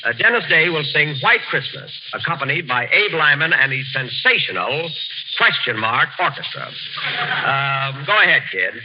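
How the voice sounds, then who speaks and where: A man's voice: on the high side, big pitch swings, normal speed, noisy background. Indignant man in old radio comedy. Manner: vain, indignant, hesitant with uh's. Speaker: comedian host. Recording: dull old radio broadcast.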